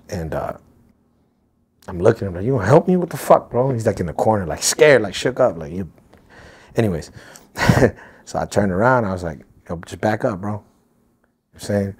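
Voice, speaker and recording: A man's voice: deep voice, husky. A man as a podcast guest, telling a story in casual, profane street talk full of fillers.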